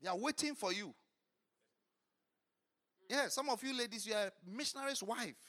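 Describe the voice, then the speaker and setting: A man preaching a fervent sermon, swinging between shouted lines and low murmurs. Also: lively intonation, moderate pace.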